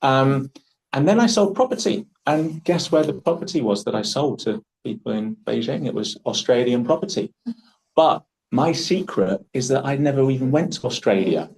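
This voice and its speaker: A man with an English accent hosts a workshop. He talks in a chatty, joking way and tells stories at a middle pitch. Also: animated, moderate pace, gravelly, darkish tone, poor audio. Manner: chatty, jokey storyteller. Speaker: workshop host. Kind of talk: casual workshop hosting.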